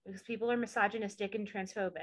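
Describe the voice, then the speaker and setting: A woman's voice: mid-range voice, level tone, very fast. A woman co-hosting a podcast, chatting casually and opinionatedly as she recaps a show, with many asides. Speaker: podcast co-host.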